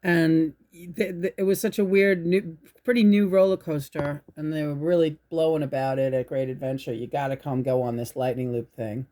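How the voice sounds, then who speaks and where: A woman hosting her own channel, telling a spiritual story in a rambling, halting way, restarting her sentences and swearing. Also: low voice, steady tone, warm tone. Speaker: channel host. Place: indoors at home.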